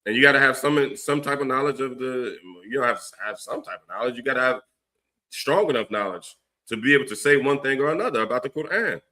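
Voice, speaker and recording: A man with a Philadelphia accent hosting a livestream, ranting forcefully and preachily, with long runs of stammered fillers. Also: medium pitch, expressive, fast talker. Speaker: livestream host giving religious commentary. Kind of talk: heated livestream rant.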